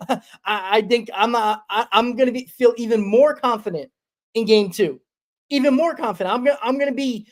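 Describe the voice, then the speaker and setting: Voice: medium pitch, darkish tone. A sports talk host chatting casually, often restarting and repeating phrases. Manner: rambling, repeats himself. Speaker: podcast host.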